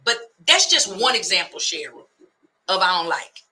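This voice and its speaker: Lady radio host going off on a comic rant, super bright sharp voice, preachy rhythm. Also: on the low side, normal speed. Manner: animated, comic ranting with preacher-like cadences. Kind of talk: comedic talk radio rant.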